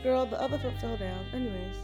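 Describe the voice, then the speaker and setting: Talking fast over loud music, this thirties-aged woman vlogs about her lifestyle with a voice on the high side. She tells her story to camera casually and with animation, chatting to viewers like friends as "girl" and "y'all."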